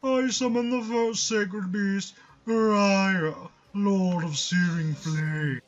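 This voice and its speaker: A man voicing a pompous old male villain who speaks slowly and grandly, over game music. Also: sits high, fairly even intonation, dull audio, pitched above the performer's own voice.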